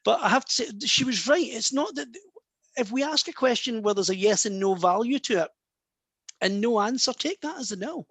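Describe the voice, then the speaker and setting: A man's voice: very high-pitched, lively intonation, a little fast, fairly bright tone, slightly rough, no echo. Reassuring Scottish man, dry sound. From Scotland. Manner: friendly, reassuring, addresses listeners as guys and love. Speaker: medium answering audience questions. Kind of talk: casual talk.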